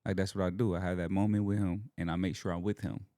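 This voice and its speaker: A man's voice: low voice, flat delivery, fast, dark tone, no room sound, clean studio sound. A young man from Alabama, talking as a podcast guest in an earnest, emotional way about his faith and family. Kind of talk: casual heartfelt conversation.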